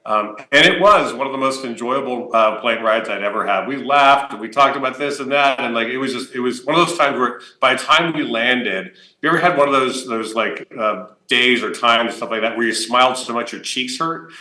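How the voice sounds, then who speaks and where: A man giving a conference keynote, telling a personal story in a lively, anecdotal way with fillers and laughs. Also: mid-range voice, normal speed. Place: conference hall. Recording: roomy conference hall.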